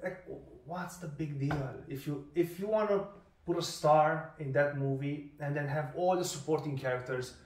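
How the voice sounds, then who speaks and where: A man hosting a casual interview podcast, talking in an animated, opinionated way and swearing casually. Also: on the high side, moderate pace, a little hiss or hum. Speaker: podcast host. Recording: roomy sound from a distant mic.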